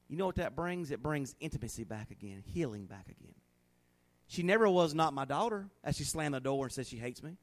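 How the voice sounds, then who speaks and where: A middle-aged man preaching a sermon in a folksy, animated way, acting out little scenes in a hushed voice. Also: a little high, a little fast. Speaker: pastor.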